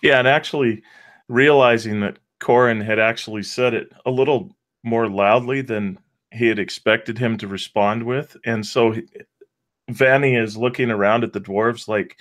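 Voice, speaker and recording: A man playing a tabletop game, narrating his character's actions in quick, restarting phrases. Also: mid-range voice, steady tone, fairly bright tone. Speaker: player.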